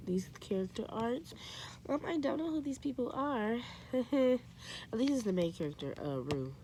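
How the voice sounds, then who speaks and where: A young woman chatting casually to camera in a book vlog, excitable and full of "like" and "y'all". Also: medium pitch, measured pace, slight background noise. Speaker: book vlogger.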